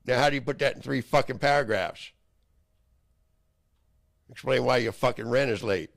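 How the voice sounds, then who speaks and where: A man in an angry, rambling monologue, his voice gravelly and rough with fry. He curses freely and keeps breaking into loud outbursts, pitched around a typical male middle. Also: normal speed.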